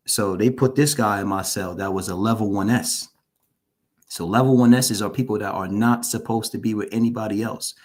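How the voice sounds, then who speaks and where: A man's voice: lowish voice, brisk. A formerly incarcerated man speaking as an interview guest, giving earnest personal testimony, openly shaken and repeating phrases for emphasis. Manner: openly shaken while recounting.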